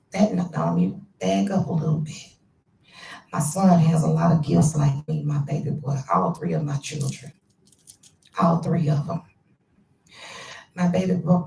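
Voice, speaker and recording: Hushed, echoey woman telling a story. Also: creaky, recorded from a distance, slight background noise. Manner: quotes family members with shifts in pitch and hushed asides. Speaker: channel host. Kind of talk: personal storytelling to viewers. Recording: echoey room, voice a bit off-mic.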